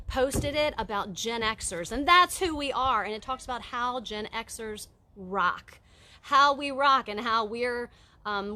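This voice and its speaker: A woman in her forties chatting casually on a live video, animated and greeting viewers by name as she talks. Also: a little high, a little hiss or hum. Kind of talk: casual live-stream talk.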